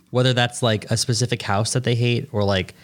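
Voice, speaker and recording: A man's voice: mid-range voice, wildly swooping pitch, measured pace. A man co-hosting a podcast, joking in an offhand way with casual swearing. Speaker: podcast co-host. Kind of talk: casual chat.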